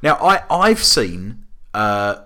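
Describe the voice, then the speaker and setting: A man with a low yet bright, forceful voice chats about films on a podcast. He tosses in dry, wry asides and hesitates often, filling gaps with uhs. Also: big pitch swings, takes it slowly. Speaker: podcast co-host. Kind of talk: casual chat.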